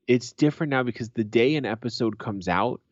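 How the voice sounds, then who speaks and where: A man's voice: medium pitch, brisk, no room sound, highs cut off. A man co-hosting a podcast in casual chat, blunt and sweary, ranting with a laugh. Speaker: podcast co-host.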